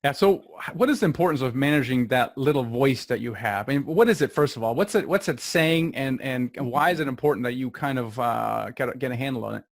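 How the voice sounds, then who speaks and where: A man's voice: medium pitch, lively intonation, a little fast, creaky, hardly any pauses, no room sound. A man hosting an interview podcast, asking rambling, hesitant questions with many restarts. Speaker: podcast host.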